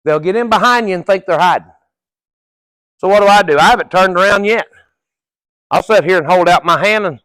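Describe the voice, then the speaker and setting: A man's voice: sits high, lively intonation, moderate pace, long pauses, a bit bright, dry recording. A middle-aged man working as a horse trainer, coaching viewers through a live training session in a folksy, casual way with the odd curse word.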